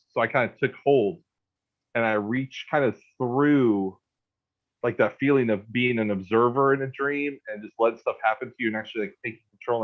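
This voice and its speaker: A man's voice: medium pitch, highs cut off. A man in his thirties telling a personal ghost story in a loose, rambling way, full of restarts and "like". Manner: rambling, repeats words and restarts, says "like" a lot. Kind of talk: casual storytelling.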